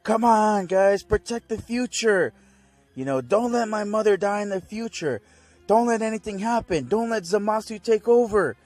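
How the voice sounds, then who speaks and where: A man voicing an earnest young boy who pleads desperately in a raised, high voice. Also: normal speed, a little mellow, faint music behind, close to an everyday voice. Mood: pleading.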